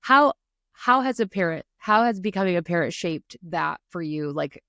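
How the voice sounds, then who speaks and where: A woman's voice: fairly low pitch, expressive, normal speed, no room sound, clean studio sound. A woman in her forties hosting a faith-minded business podcast, affirming her guest and often adding "right?". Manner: warm, affirming, faith-talk, frequent "like" and "right?". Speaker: podcast host. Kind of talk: podcast interview.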